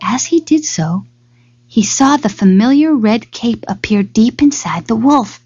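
A woman narrating a fairy tale in a dramatic, expressive storybook style. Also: fairly high pitch, a little slow, dull audio. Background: loud music.

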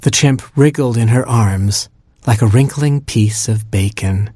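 Husky male storyteller, wry and deadpan, dry close sound. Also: medium pitch, unhurried, dry recording. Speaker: narrator. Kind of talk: storybook reading aloud.

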